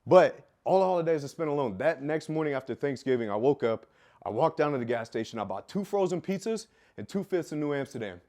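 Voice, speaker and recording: A man telling a raw personal story with heavy swearing, dropping low and quiet, then bursting out loud. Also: animated, fast. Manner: profane, intense, swings from quiet to loud; loud, self-described. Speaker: fitness business coach telling his life story.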